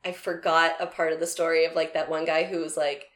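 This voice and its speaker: A woman's voice: low voice, a little fast, echoey room. A woman in her thirties, a comedian, telling stories in casual chat and acting out the quotes. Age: 30s. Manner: animated storyteller, acts out quotes.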